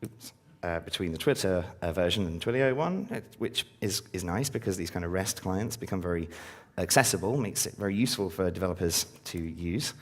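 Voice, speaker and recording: A low-pitched, animated man talks fairly fast and hardly pauses as he live-codes in front of a conference crowd. His delivery is casual and riddled with ums and uhs, lifting into an upbeat tone when he engages the audience.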